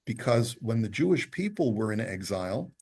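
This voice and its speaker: A man giving a Torah class, his voice gravelly with a husky, slightly rough edge. He reads Hebrew text aloud and then unpacks it line by line in a patient, explanatory way. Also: mid-range voice, sing-song, moderate pace, darkish tone. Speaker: Torah teacher.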